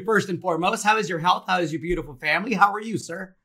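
A man in his forties co-hosting a podcast, talking in a lively, friendly way with quick asides. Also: high-pitched. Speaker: podcast co-host. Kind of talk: casual market chat.

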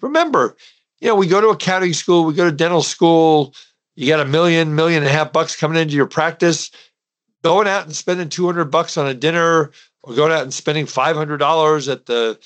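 A middle-aged man speaking on his own podcast, with a voice of ordinary pitch for a man. He lectures in an emphatic, soapbox way and talks straight to his listeners. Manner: emphatic, preachy, addresses listeners directly. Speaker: podcast host and dental CPA. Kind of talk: podcast monologue.

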